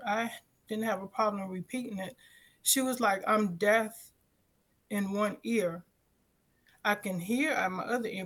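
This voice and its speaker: A woman on a talk show casually telling a personal story, acting out the voices of the people in it. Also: mid-range voice. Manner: animated, acts out quoted dialogue.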